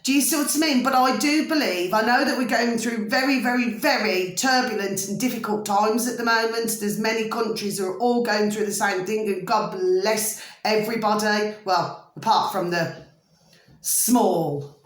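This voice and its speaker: A woman's voice: medium pitch, moderate pace, roomy sound. A middle-aged woman in a rambling casual monologue to her viewers at home, often asking if they see what she means. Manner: rambling, repeatedly asks "do you see what I mean". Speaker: vlogger.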